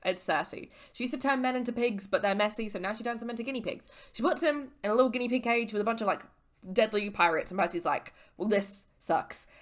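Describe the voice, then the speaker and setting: A tipsy woman recapping a book series in casual, animated chat, swearing freely and using slang. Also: fairly high pitch, quick pace. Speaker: vlogger.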